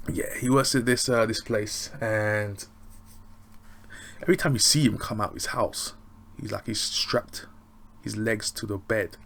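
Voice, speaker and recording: A man's voice: fairly low pitch, creaky, a bit bright. An English man reviewing a show in a loose, rambling, chatty way. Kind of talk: casual review chat.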